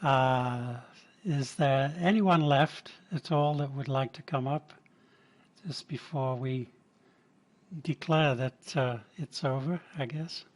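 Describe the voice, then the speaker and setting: A man hosting a small comedy show and wrapping it up, halting and full of fillers. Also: mid-range voice. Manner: unhurried, halting, with many fillers. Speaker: event host. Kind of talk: closing remarks.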